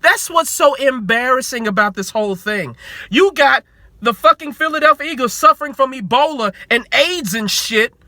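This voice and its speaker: A man's voice: very high-pitched, expressive, normal speed, bright, forceful tone, no echo. A man in his twenties, a sports vlogger, ranting in heated commentary with repeated rhetorical questions and free swearing.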